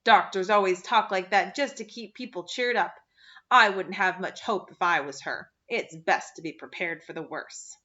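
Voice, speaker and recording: A woman's voice: fairly low pitch, moderate pace, bright, forceful tone, muffled recording. A woman reading the part of a sour, gloomy woman of fifty-seven who talks in a scornful, clipped way.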